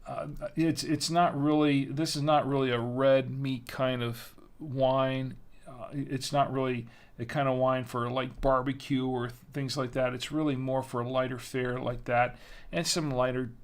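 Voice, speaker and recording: A man's voice: medium pitch, flat delivery, unhurried. A man hosting a wine tasting livestream, chatting casually and rambling with lots of fillers. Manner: rambling, chatty, self-deprecating with frequent fillers. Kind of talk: casual live-stream chat.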